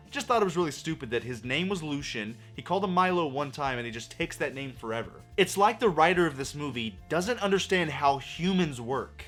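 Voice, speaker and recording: A man's voice: mid-range voice, fairly bright tone. A man ranting through a movie review, sarcastic and profane, full of exasperation.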